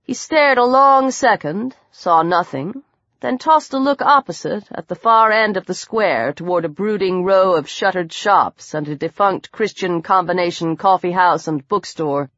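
A woman's voice: lowish voice, a little slow, fairly bright tone, dry recording, lo-fi sound. A woman reading a dramatic horror novel aloud as audiobook narrator.

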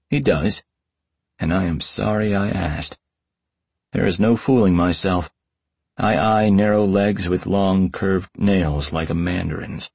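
A man's voice: low voice, slow pace, creaky, darkish tone, husky, no echo. A man reading an audiobook in the first person as a tomcat detective, with a wry, hardboiled delivery. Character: wisecracking tomcat detective narrating. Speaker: audiobook narrator.

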